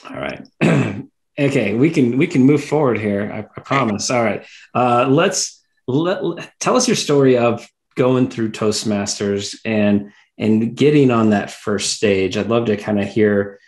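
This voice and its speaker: A man co-hosting a podcast, relaxed and easygoing in casual conversation. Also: mid-range voice, measured pace. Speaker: podcast co-host.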